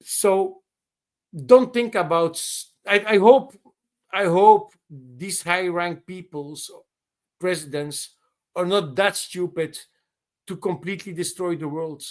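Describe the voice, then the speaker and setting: A man calling into a live open-mic show over a video call, giving blunt opinions on current events in halting speech full of restarts and repeated words. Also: high-pitched, a little mellow. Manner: blunt, swears for emphasis.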